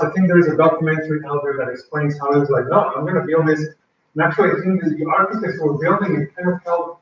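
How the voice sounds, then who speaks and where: A man presenting a language-learning workshop to a live audience, talking conversationally and often asking the audience questions. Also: fairly high pitch. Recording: echoey, dull, mic far away.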